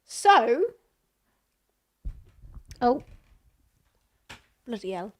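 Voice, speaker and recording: A woman's voice: on the high side, very animated, very slow. A woman streamer reading news aloud in casual commentary, sarcastic and often laughing. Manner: sarcastic, laughing, reads quotes mockingly.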